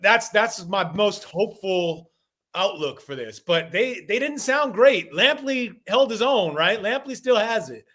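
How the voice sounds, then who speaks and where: A man's voice: high voice, lively intonation, measured pace, sharp tone. A man co-hosting a boxing podcast over a call, joking and rambling through his opinions. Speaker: podcast co-host. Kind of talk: casual boxing podcast chat. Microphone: remote call.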